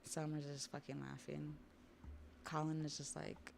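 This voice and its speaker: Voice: mid-range voice, little pitch movement, measured pace, vocal fry, darkish tone, slight background noise. A streamer casually recapping a comic on a livestream, with laid-back slang, laughter and swearing.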